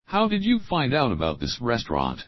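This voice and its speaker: A male teacher reads practice questions aloud, first the opening words and then the full question. His pitch moves a lot from line to line. The recording is dry and close, with a slightly muffled tone. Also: huge pitch swings, dry recording. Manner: slow, clear drill reading, repeating each opening phrase. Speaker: English teacher. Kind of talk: reading example questions for learners.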